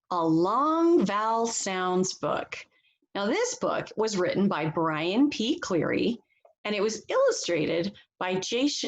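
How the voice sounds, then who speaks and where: Slow, lively woman teacher reading aloud. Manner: slow, deliberate reading with lively pitch and soft laughs. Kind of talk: read-aloud phonics lesson.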